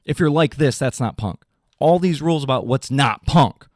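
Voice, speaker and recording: A young adult man, a podcast host, ranting in an animated, casual, swearing way. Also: moderate pace, dry recording, studio quality. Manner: animated, swearing, mocking voices in high pitch. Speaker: drummer in a pop punk band. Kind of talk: casual comedic rant.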